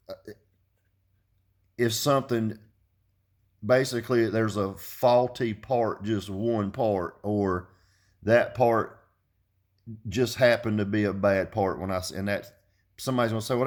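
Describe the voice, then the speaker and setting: A man in his fifties ranting bluntly to his viewers, cursing freely and repeating himself when he gets heated. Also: lowish voice. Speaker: car audio vlogger. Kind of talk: casual rant to camera.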